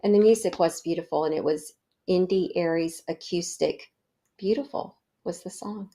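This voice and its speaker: A middle-aged woman hosting a wellness show, telling a personal story in a warm, reflective way with fillers. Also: fairly low pitch, normal speed. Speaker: podcast host.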